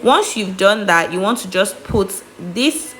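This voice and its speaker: Nigerian woman hosting a cooking tutorial voice-over, chatty and emphatic, with a mid-pitched voice. She drives her tips home with playful stress, with a faint noise behind her. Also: lively intonation, a little slow, fairly bright tone. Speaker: cooking vlogger.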